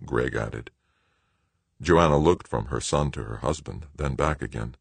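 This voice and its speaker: Very deep, husky male audiobook narrator. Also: measured pace, no room sound. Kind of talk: scripted narration.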